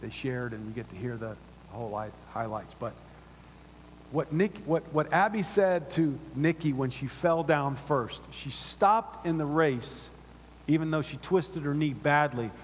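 A middle-aged pastor preaching a sermon in a church, animated and repetitive, dropping to soft asides between louder points. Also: male voice, fairly high pitch, unhurried, slight background noise. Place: church auditorium. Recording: long reverb of a large hall.

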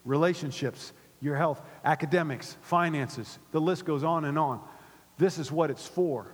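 A middle-aged man preaching from a stage in a church auditorium, his fairly high, slightly husky voice carrying a long reverb through the big room. He swings between animated emphasis and quiet, intimate asides. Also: a little slow. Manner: animated preaching, drops to soft asides, repeats words. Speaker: pastor. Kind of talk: sermon. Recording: long reverb of a large hall.

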